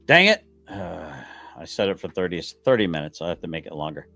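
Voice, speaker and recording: A man's voice: low voice, very animated, fairly quick, gravelly, sharp tone, faint music behind. Sarcastic man ranting on a livestream. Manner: sarcastic, swears, stammers when flustered. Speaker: livestream commentator. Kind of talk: heated casual livestream banter.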